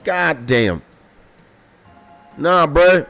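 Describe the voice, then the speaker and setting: A young man chatting casually on a gaming stream, excited and swearing a lot, full of slang, while music plays behind. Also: lowish voice, a little slow.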